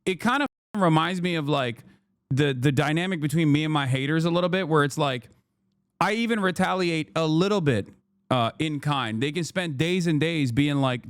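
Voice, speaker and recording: A man in his thirties rants through the news in a casual, sarcastic stream, swearing freely and now and then jumping into shrill mocking voices. His voice sits a little high for a man. It is recorded close and dry, with no room sound. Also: moderate pace, clean tone, dry recording. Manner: animated, sarcastic, swears, mocks others in loud shrill put-on voices. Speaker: political streamer reacting to news. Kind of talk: casual ranting commentary.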